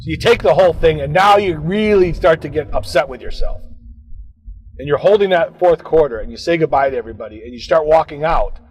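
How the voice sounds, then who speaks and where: On a poor recording with a big-room sound and a bit of hiss or hum, a man with a fairly high voice talks quickly. He's a podcast co-host rambling through a comic story about himself, scolding himself and swearing more as his rants build.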